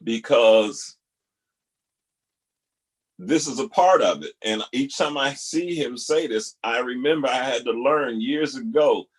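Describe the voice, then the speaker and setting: A man hosting a talk, pausing video clips to reflect earnestly, repeating key phrases for emphasis. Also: medium pitch, expressive, husky. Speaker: host reacting to video clips. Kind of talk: reflective spoken commentary.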